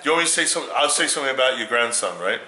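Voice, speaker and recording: A man's voice: medium pitch, expressive, very fast, reverberant, a little hiss or hum, rough recording. A man giving an earnest, heartfelt message to a friend's grandmother. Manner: earnest, warm praise. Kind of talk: casual message to camera.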